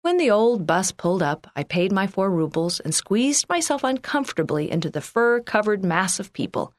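A woman reading a first-person church magazine article aloud in a measured, earnest way. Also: medium pitch, lively intonation, no echo. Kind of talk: scripted first-person narration.

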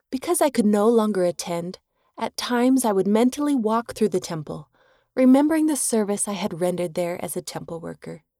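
A woman reading a devotional first-person story aloud in a calm, measured way. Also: medium pitch, no room sound, studio quality. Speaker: reader. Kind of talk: scripted narration of a devotional story.

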